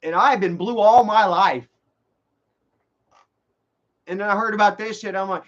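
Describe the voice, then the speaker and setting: A man's voice: sits high, unhurried, pauses often. A man ranting heatedly in a profane, rambling monologue full of restarts, on a dull lo-fi recording. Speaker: vlogger.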